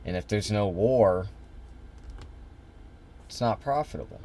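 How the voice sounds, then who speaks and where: A man's voice: on the low side, lively intonation, a little slow, mellow. A man reacting to a video, with blunt and sarcastic commentary. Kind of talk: casual commentary.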